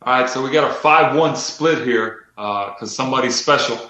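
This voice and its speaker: A man's voice: mid-range voice, moderate pace, pushed and bright, echoey room, highs cut off. A man co-hosting a casual wrestling predictions chat, joking and laughing often as he reads out picks. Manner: laughs often, jokey asides. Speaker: co-host reading predictions.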